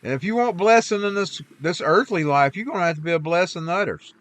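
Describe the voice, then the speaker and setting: A man's voice: sits high, lively intonation, quick pace, a bit bright, no room sound. A man chatting while he plays, rambling in a folksy way about faith and scripture. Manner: rambling, folksy, preachy asides. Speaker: streamer. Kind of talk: casual chat while gaming.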